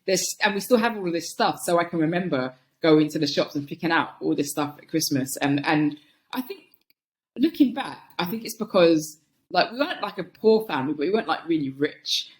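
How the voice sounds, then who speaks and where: Chatty London woman, thoughtful and animated. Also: low-pitched, fairly quick. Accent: London English. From North London, England. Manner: thoughtful, animated, laughs often, frequent um and like. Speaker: guest. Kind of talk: casual conversational interview.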